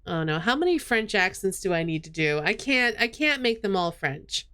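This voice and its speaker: Giggly, animated woman streamer. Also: mid-range voice, normal speed, smooth. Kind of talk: casual game commentary.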